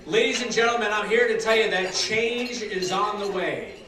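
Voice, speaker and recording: A man from Massachusetts giving a rousing campaign speech at a dinner, building to loud applause lines. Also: high-pitched, moderate pace. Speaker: political candidate giving a speech. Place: large dinner hall with an audience. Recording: echoey banquet hall, distant mic, crowd noise.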